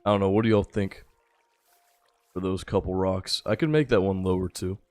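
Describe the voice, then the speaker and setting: A tired young man giving relaxed, rambling live-stream commentary while he plays, chatting with his viewers. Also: sits low, normal speed, faint music behind. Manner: laid-back, rambling, chats with viewers. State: a little tired. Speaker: gaming streamer.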